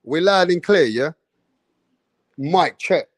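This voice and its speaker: A man hosting a boxing livestream, talking in an excitable, profane, hype way. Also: a little high, slow pace, no room sound. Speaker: boxing YouTube host. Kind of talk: casual livestream chat.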